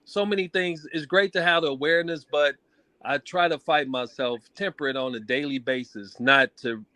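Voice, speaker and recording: A man calling in to a talk show, telling his story in a casual, animated way with rising emphasis. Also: a little high, normal speed, dry recording. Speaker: caller. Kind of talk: casual call-in chat.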